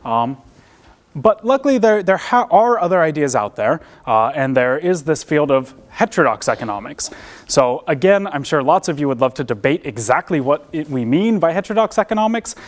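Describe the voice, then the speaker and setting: American man, young adult, relaxed seminar talk, lots of ums and restarts, lecture room. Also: fairly high pitch, moderate pace. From United States. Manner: casual, self-deprecating, many fillers and restarts. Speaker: seminar presenter.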